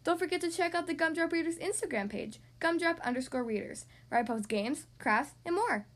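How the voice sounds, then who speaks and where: A woman hosting a podcast for young kids, reading a storybook aloud in a bright animated way. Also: extremely high pitch, fairly quick.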